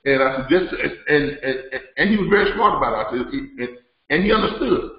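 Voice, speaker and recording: A man's voice: fairly high pitch, animated, brisk. Middle-aged male host, casual webinar Q&A, repeats himself, laughs easily; roomy, lo-fi room sound. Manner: conversational, repeats words, laughs often, addresses audience as y'all. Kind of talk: live webinar teaching and Q&A.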